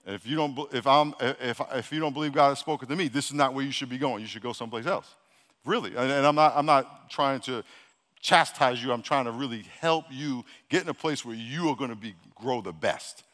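A male pastor preaches to his congregation in a large church hall, speaking at a fairly quick pace in a medium-pitched voice. He exhorts them directly, repeating himself in Southern-leaning casual speech as he urges everyone to pray loud. A handheld or stage mic picks him up, with long hall reverb.

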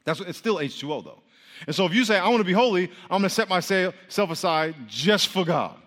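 A man's voice: high-pitched, expressive, a little fast, fairly bright tone. A man teaching an interactive sermon with call-and-response, playful and quizzing his listeners. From grew up Catholic. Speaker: preacher teaching a class. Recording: long hall reverb.

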